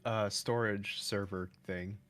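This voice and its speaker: A man's voice: lowish voice, fairly even intonation, slow pace, a bit bright, soft background music. Chatty man on a livestream. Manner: rambling, laughs often, jumps into silly voices. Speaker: streamer co-host. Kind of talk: casual stream chat.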